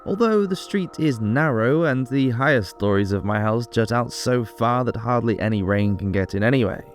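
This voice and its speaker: A man reading aloud in his own voice as a prosperous medieval Parisian master baker, calmly telling of his trade with pride. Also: mid-range voice, moderate pace, soft background music, close to an everyday voice. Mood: proud. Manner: calm first-person storytelling, proud of his trade.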